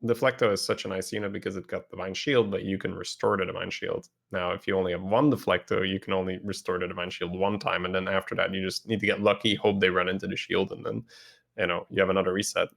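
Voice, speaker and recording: A man co-hosting a casual game-strategy podcast, explaining things in a measured way with the odd "um". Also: sits low, flat delivery, gravelly, fairly bright tone. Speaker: podcast co-host.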